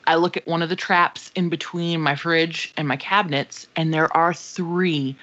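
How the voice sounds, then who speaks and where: A woman's voice: deep voice, fairly even intonation, moderate pace, fairly bright tone. A young adult woman co-hosting a podcast, telling a dramatic, profane story in casual chat. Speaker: podcast co-host. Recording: slightly dull lo-fi sound.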